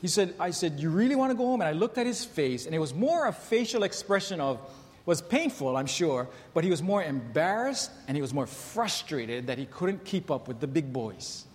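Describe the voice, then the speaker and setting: A man's voice: on the high side, expressive, moderate pace. Man preaching in a reverberant hall. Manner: conversational storytelling, rhetorical questions to congregation. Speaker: pastor. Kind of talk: sermon. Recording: long hall reverb, faint ambience.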